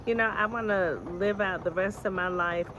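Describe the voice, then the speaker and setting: A woman's voice: medium pitch, fairly even intonation, normal speed. Older woman, from the US, testimonial, matter-of-fact, noisy background. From United States. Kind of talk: testimonial to camera. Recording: audible background noise.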